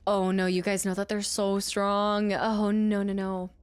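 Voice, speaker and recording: A woman streaming a game, chatting casually with her viewers, laughing often and shouting during fights. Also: mid-range voice, big pitch swings, takes it slowly, smooth. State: out of breath. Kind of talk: casual live-stream gameplay chat.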